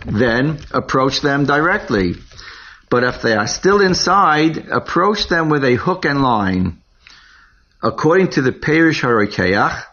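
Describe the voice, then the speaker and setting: Male Torah reading teacher with Ashkenazi Hebrew pronunciation. Very slow, careful delivery. Dull lo-fi recording. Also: mid-range voice, a bit bright. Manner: careful, deliberate, sounds out words syllable by syllable. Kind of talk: slow explanatory lesson on Hebrew cantillation.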